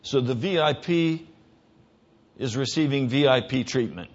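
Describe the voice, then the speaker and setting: A man preaching a sermon as pastor, emphatic, moving between hushed lines and loud ones. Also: mid-range voice, measured pace. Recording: dull lo-fi sermon recording.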